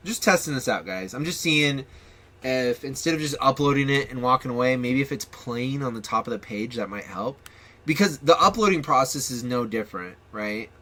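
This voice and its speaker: A man's voice: mid-range voice, lively intonation, normal speed, pushed and bright. A man hosting his own gaming channel, chatting casually and rambling with ums and restarts. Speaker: channel host.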